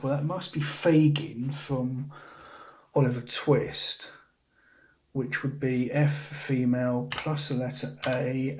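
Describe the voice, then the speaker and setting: A man's voice: medium pitch, darkish tone. A man thinking aloud as he works through a cryptic crossword, musing and muttering the clues half to himself. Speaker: crossword solver. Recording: dull lo-fi audio.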